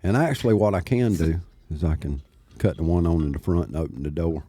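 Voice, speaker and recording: A man's voice: sits low, fairly quick, mellow, dry recording. A man co-hosting a podcast in casual chat, easygoing and joking. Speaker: podcast co-host.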